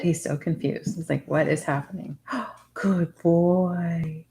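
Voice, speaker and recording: A woman speaks a little slowly with fairly even intonation while hosting a casual crafting livestream from home. She chats with viewers and now and then slips into high baby talk with her dog, sometimes dropping to soft whispers.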